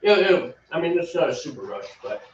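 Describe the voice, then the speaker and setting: A man's voice: on the high side, big pitch swings, brisk. A man co-hosting a homebrewing show, chatting casually and laughing often. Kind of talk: casual chat while brewing. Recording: roomy, distant, dull sound with faint background noise.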